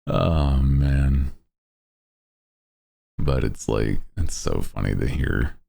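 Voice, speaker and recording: Very deep, gravelly male streamer. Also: lively intonation, extremely slow, warm tone. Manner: laughs often, swears casually, rambling. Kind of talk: casual livestream chat.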